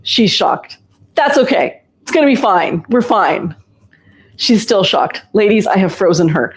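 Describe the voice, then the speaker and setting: A woman's voice: medium pitch, lively intonation, a little slow. A woman who runs a shop, hosting a casual live stream and explaining ordering and clothes in a chatty, reassuring way.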